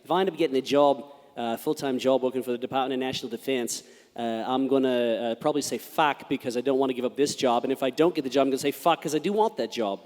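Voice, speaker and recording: A man's voice: mid-range voice, quick pace, a little mellow. A man chatting on a live panel in a dry, slightly testy way. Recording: hall reverb with crowd.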